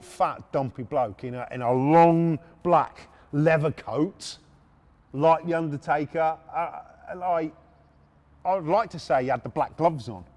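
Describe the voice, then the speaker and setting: A middle-aged man hosting a podcast, telling a story in an animated, sweary, self-mocking way. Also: a little high. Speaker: podcast host. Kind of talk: storytelling monologue.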